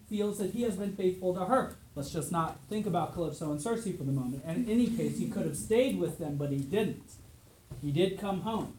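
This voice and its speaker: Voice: medium pitch, mellow, roomy sound, slight background noise, low-quality recording. A teacher giving a classroom lecture, reading dramatically from an epic and asking the class questions.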